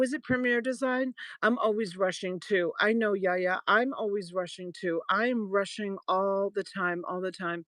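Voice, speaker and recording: A woman's voice: medium pitch, a bit bright, no room sound. Middle-aged woman, from Boston, live-sale host, chatty storyteller, laughs a lot, dry close mic. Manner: rambling storyteller, laughs often, quick asides. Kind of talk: casual live-stream sales chat.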